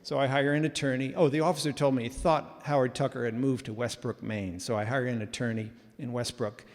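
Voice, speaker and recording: A man telling a story live in a casual, animated way with self-mocking humor, heard in a reverberant hall. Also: medium pitch, a little fast.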